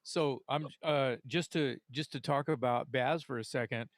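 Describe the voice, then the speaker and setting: A man co-hosting a podcast, chatting casually in loose, halting sentences full of fillers. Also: medium pitch, dry recording, studio quality. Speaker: podcast co-host. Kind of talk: casual chat.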